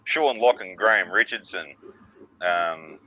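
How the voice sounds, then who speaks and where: A man's voice: low-pitched, slow, a little hiss or hum, low-quality recording. A man, co-hosting a casual chat show, telling stories full of swearing. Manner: sweary, animated storyteller. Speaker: podcast co-host.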